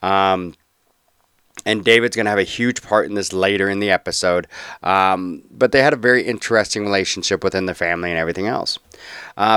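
Man, low smooth voice, dry close mic, casual podcast host. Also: fairly bright tone, dry recording. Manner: loose and chatty, with many ums and restarts.

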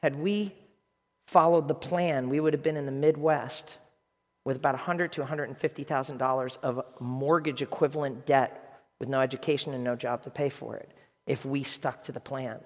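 A man in his fifties, a pastor preaching a sermon with animated, emphatic storytelling. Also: medium pitch, normal speed, in a large hall. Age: 50s.

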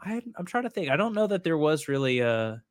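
A young man from Indiana chatting casually on a podcast, animated and joking with lots of fillers. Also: a little high, fairly quick, no room sound, studio quality. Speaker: podcast co-host. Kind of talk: casual chat.

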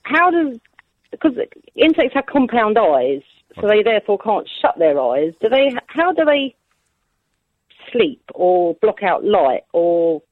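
A woman's voice: medium pitch, sing-song, unhurried, no room sound. Female caller, chatty and teasing, phone-line sound. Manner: playful, chatty.

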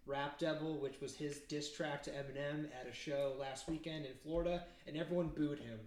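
Laid-back man, higher voice, roomy echo. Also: fairly even intonation, a little fast, darkish tone. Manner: laid-back, joking, trailing off with fillers. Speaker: podcast co-host. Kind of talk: casual chat.

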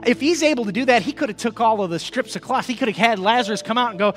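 Male pastor, very high voice, impassioned sermon delivery with swelling and hushed passages, music under him. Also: fast, few pauses. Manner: impassioned preaching, swells loud then drops soft.

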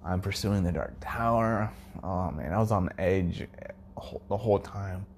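A man's voice: deep voice, measured pace, a little hiss or hum. A man hosting his own podcast, musing casually and enthusiastically in a rambling way that often trails off, at times dropping to a near-whisper. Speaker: podcast host.

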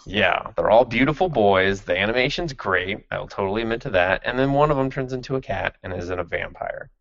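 A man's voice: lowish voice, animated, fairly quick, vocal fry, fairly bright tone, no echo, highs cut off. A man hosting a podcast who chats casually and sardonically, swearing freely and laughing as he recaps an anime. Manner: sardonic and profane, with frequent laughs. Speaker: podcast host.

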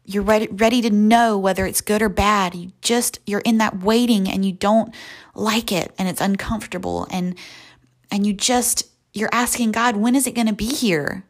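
A young woman hosting a devotional podcast, slowly and softly guiding a visualization, sometimes dropping to a whisper. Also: medium pitch, fairly even intonation. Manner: slow, soft and reflective, often near a whisper. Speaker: podcast host. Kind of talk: guided visualization and devotional talk.

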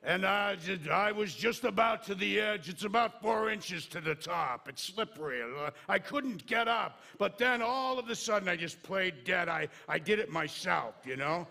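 Man putting on a boastful little male bug, loud excited bragging, comic sermon aside. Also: high voice, normal speed, creaky, few pauses, exaggerated voice. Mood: boasting. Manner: excited storytelling, loud and animated. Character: boastful small male bug rescued from a pool.

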